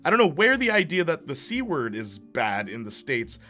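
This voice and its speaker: A man's voice: fairly high pitch, big pitch swings, normal speed, pushed and bright, soft background music. A young man from Canada, a streamer chatting casually with his viewers, loose and joking, laughing often. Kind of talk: casual chat, reading live chat.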